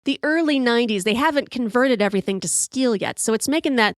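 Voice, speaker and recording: Brief: woman, fifties, podcast storyteller, bright higher voice, dry close sound, animated and salty delivery. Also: fast talker, no room sound. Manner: animated, profane, acts out quotes. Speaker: podcast host. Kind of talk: storytelling monologue.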